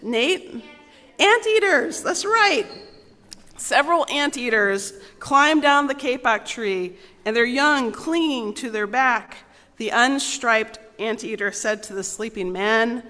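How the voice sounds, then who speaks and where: A woman's voice: a little high, lively intonation, takes it slowly, pushed and bright. Woman reading a story in a big echoing hall. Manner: playful, asks the children questions. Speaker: children's story reader at a church service. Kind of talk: reading a picture book aloud to children. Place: large sanctuary. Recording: long reverb in a large hall.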